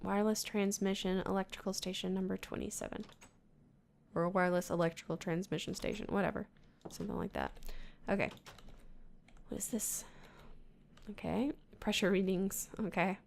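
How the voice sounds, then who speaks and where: A woman's voice: medium pitch, fairly even intonation, normal speed, creaky, a little hiss or hum. Woman muttering through a game. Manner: muttering to herself, reading game text aloud. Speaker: let's-play gamer. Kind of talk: casual gameplay commentary.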